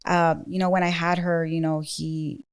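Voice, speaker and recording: A woman telling her own story as a podcast guest, earnest and halting. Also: lowish voice, flat delivery, smooth. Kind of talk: casual chat.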